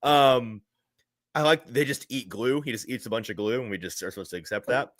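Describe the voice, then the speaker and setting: A man's voice: medium pitch, expressive, a little fast, a bit bright, dry recording, clean studio sound. A man in casual chat as a co-host, rambling and restarting his sentences as he runs through notes. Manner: rambling, self-interrupting, laughs at his own quotes.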